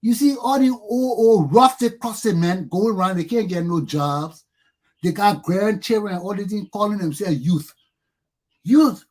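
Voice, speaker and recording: A man's voice: high voice, normal speed, a little mellow. A man from Liberia with a Liberian accent, giving a passionate solo commentary full of bitter laughter and sudden outbursts.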